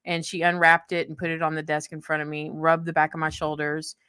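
A young woman with a slightly low voice tells a personal story in easy, conversational speech. She is heartfelt and often laughs in the middle of sentences. The sound is close and dry. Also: flat delivery, a little fast, sharp tone, clean tone, dry recording. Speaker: guest telling a personal story.

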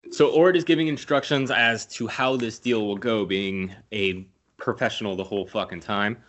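A man's voice: on the low side, normal speed, fairly bright tone. A man casually recapping a movie scene by scene, swearing freely and laughing at his own jokes. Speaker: podcast host recapping a film.

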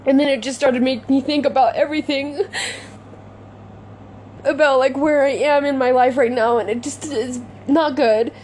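A woman's voice: high-pitched, steady tone, normal speed, a little mellow, slight background noise. Frustrated young woman ranting with constant swearing. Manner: frustrated, rambling, heavy swearing, frequent "like". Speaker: podcaster venting to her audience. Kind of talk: unscripted confessional vlog.

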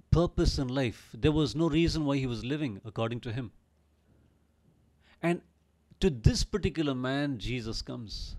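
A man retells a Bible story as a teaching, earnest and emphatic in tone. His pitch sits in an ordinary middle range. He draws the listener in with frequent rhetorical questions. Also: darkish tone.

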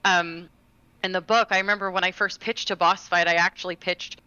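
A woman's voice: lowish voice, level tone, brisk, sharp tone, clear, resonant tone, no room sound, dull audio. A woman co-hosting a gaming podcast, telling a personal story in a chatty way with many fillers and restarts. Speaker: podcast co-host. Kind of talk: casual chat, storytelling.

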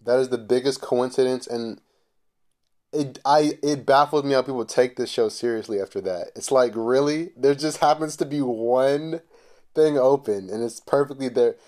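A man's voice: mid-range voice, normal speed, a little mellow. A man hosting a casual podcast chat, incredulous and teasing, often laughing. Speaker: podcast host.

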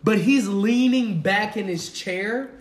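A man co-hosting a podcast, telling a story in an animated, profane way and acting out the people in it. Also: high voice, slow pace. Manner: animated, profane, acts out the people in his stories. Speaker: podcast co-host. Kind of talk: casual storytelling chat.

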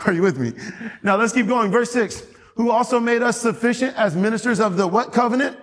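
Animated male pastor preaching, church reverb. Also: high voice, brisk. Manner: animated, call-and-response with congregation, repeats phrases, laughs often. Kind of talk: sermon. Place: church sanctuary.

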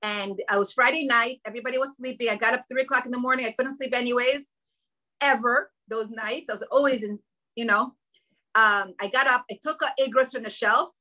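A woman's voice: a little high, steady tone, fairly quick, sharp tone, low-quality recording. A woman telling a personal story at a women's gathering, emotional and quoting her own inner thoughts, with religious Jewish vocabulary.

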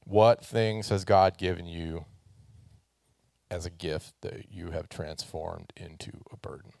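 A man's voice: sits low, slow pace, gravelly, a little mellow, no room sound, clean studio sound. A man preaching a sermon to a congregation, casual and joking, asking the listeners to answer and raise hands. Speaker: pastor.

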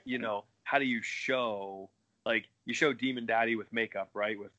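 A man's voice: medium pitch, fairly even intonation, normal speed, sharp tone. A man, a wrestler guest on a podcast, chatting casually in a rambling, profane way and laughing at himself. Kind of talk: casual chat.

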